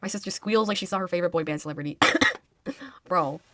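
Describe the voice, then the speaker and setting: A woman's voice: on the low side, fast, dry recording. A young woman chatting casually while reading a game's story aloud, giggly and full of fillers. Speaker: gamer. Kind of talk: let's-play commentary, reading game text aloud.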